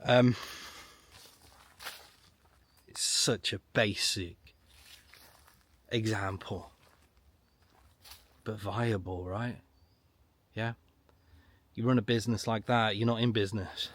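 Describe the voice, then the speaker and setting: A middle-aged man giving a solo commentary to camera, emphatic and ranting, repeating his points with long pauses. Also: fairly low pitch, fairly even intonation, a bit bright. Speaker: online political commentator.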